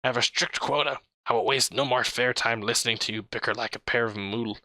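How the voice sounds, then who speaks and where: A man's voice: mid-range voice, fairly even intonation, brisk, sharp tone, dry recording, close to an everyday voice. A man voicing an anxious, fussy male alien cab driver with a whiny, raised voice in a storybook reading.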